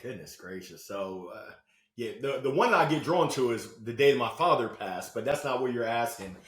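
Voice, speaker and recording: A man who is a motivational speaker, talking as a podcast guest in an animated, storytelling way with sudden loud bursts. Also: medium pitch, moderate pace. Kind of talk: energetic interview talk. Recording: roomy echo.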